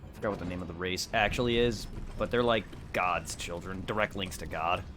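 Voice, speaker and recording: A young man streaming a game, chatting casually in a rambling, excitable way and swearing a lot. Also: low-pitched, a little fast, a little hiss or hum. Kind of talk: casual gameplay commentary.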